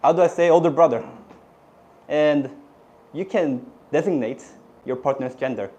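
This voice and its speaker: A middle-aged man with a Korean accent, whose first language is Korean, teaching Korean words to a class in a lively way. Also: a little high, normal speed. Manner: animated, switches into cute playful put-on voices for examples.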